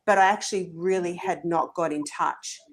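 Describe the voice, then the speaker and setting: A woman's voice: lowish voice, fairly even intonation, normal speed. A woman podcast host speaks earnestly and searchingly, with many fillers, in a casual interview chat.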